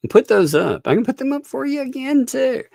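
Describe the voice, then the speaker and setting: A man ranting through live-stream commentary with a gravelly edge, his pitch swinging widely as he mocks and laughs. The sound is dry and close to the mic. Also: very animated, brisk, a little mellow, no room sound. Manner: laughing, mocking, exasperated rants.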